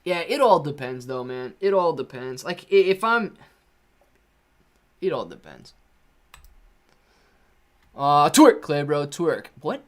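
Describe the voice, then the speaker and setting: A man's voice: on the high side, animated, slow pace, long pauses. A man hosting a live stream, chatting casually with viewers, reading out their comments and answering in a laid-back, slangy way. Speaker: livestream host.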